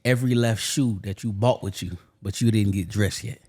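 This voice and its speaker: A man's voice: on the low side, moderate pace, very noisy. A man co-hosting a podcast, telling a story in a laid-back, slangy way and laughing along. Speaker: podcast co-host. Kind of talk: casual chat and storytelling.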